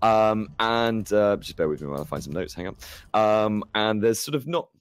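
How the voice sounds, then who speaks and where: A man's voice: lowish voice, expressive, normal speed, clean tone, no room sound. A man narrating a tabletop game as game master, rambling with many fillers while he checks his notes.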